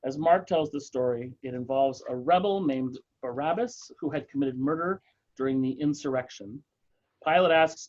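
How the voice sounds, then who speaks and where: A man leads a relaxed church book group, thinking aloud with fillers and restarts. His voice sits at an ordinary pitch. The sound is dull and lo-fi, like an online call. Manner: thoughtful, halting, with many fillers and restarts. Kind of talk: casual group discussion.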